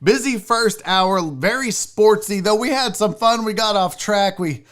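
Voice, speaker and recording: A man's voice: high-pitched, a little slow, fairly bright tone. A man hosting a casual sports livestream, rambling, jokey and profane, fiddling with his screen as he talks. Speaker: sports show host.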